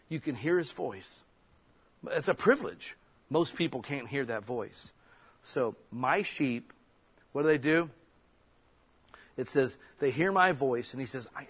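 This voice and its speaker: A male pastor giving a conversational sermon, swinging between loud emphasis and soft, near-whispered lines. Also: medium pitch, slightly rough.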